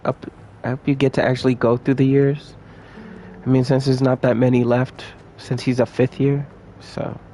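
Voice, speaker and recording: A man's voice: mid-range voice, little pitch movement, moderate pace, dark tone, slight background noise. A young man giving casual, playful commentary while playing a video game and talking to his viewers. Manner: chatty, playful, talks to viewers. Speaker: gameplay streamer.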